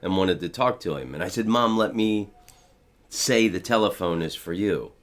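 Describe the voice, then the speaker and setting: A man's voice: low-pitched, moderate pace, fairly bright tone. A middle-aged man hosting a podcast, chatting casually and telling funny stories with put-on voices for the people he quotes. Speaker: podcast host. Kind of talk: casual chat.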